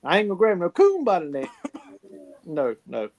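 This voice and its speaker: A man's voice: high voice, huge pitch swings, normal speed, darkish tone. A man telling folksy stories in casual chat, swearing freely and laughing often. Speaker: podcast co-host.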